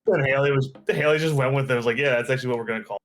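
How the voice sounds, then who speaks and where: A man chatting casually and jokily with friends on a live stream, swearing and jumping into high quoted voices. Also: racing, a little hiss or hum.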